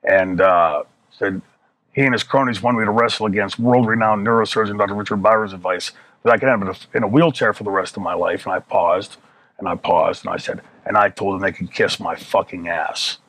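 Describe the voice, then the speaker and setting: A man in his fifties with a fairly low voice tells his story with swearing and plays out each person in it. The close, dry mic catches every word. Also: fairly quick, no room sound, poor audio. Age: 50s. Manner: profane, animated storytelling that acts out the people in his stories. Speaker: interview guest. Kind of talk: shoot interview storytelling.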